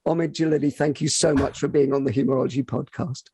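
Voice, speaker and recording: Husky, gravelly man hosting a podcast. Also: mid-range voice, fairly even intonation, fast, dark tone, no room sound. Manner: upbeat, effusive praise. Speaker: podcast host. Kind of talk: interview questions and outro.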